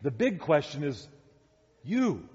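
A man's voice: a little high, big pitch swings, slow, a little mellow, husky. A man preaching a sermon as pastor, emphatic and full of rhetorical questions, heard in a dull echoey church hall recording.

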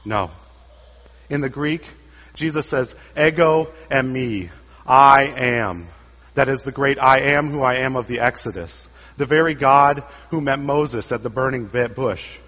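A man preaching a dramatic sermon, his voice swelling for quoted cries and sinking low for the solemn moments. The sound is a bit dull and muffled, with a long reverb trailing off every phrase. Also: normal speed. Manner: dramatic, rises for quoted cries and drops low for quiet lines.

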